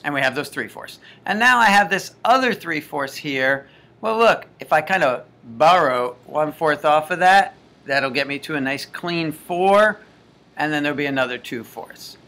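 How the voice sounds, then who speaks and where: A man's voice: a little high, lively intonation, moderate pace, pushed and bright. A man teaching a homework math lesson, counting aloud and working steps with folksy, jokey asides.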